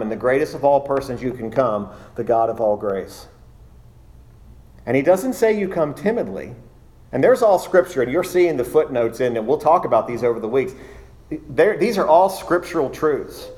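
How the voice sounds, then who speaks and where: A man delivers a sermon-style Bible study in an ordinary mid-range voice. He is emphatic, slowing down to stress and repeat key words. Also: medium pitch, darkish tone. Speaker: pastor teaching a study.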